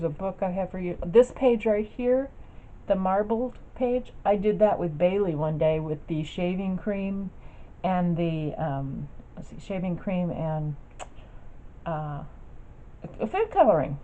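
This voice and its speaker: A woman with a low, dark-toned voice rambles casually as she shows her craft projects to the camera, her speech full of fillers and restarts. It's a craft vlogger's loose show-and-tell, recorded in dull lo-fi sound with a little faint noise.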